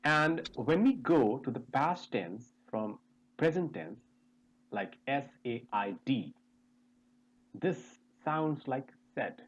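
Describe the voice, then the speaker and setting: A male teacher leads a pronunciation webinar over a video call. He moves slowly and deliberately, and his pitch swings in a lively way as he drills each vowel and spells out words letter by letter. He keeps putting questions to the class. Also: breathy edge, low-quality recording. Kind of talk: online pronunciation lesson.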